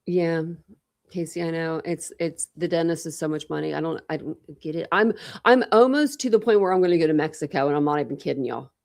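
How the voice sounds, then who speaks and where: A young woman chats loosely with her live-stream viewers, full of restarts and repeated words. Her voice sits on the low side and carries a gravelly fry throughout. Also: a little fast, a little mellow. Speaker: true crime channel host.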